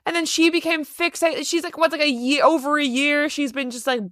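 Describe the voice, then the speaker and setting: A woman's voice: high voice, steady tone, fairly quick, fairly bright tone, dry recording, studio quality. A woman guest on a podcast in casual chat, reacting expressively and swearing often.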